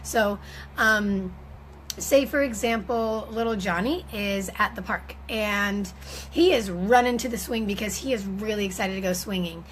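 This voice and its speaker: A woman's voice: medium pitch, unhurried, a little hiss or hum, rough recording. Woman explaining parenting, chatty with fillers. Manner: conversational, frequent fillers and restarts. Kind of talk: informal teaching talk.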